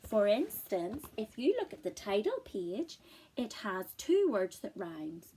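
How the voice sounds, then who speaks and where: Slow, expressive woman reading a picture book. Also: medium pitch, a little hiss or hum. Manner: expressive, encouraging, asks the listener to join in. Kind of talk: read-aloud storytime lesson.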